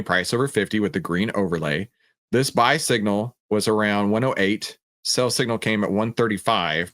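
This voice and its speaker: A man's voice: lowish voice, a bit bright, dry recording, studio quality. A man hosting a livestream, going through stock charts in a casual, joking way and reading out chat comments. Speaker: host.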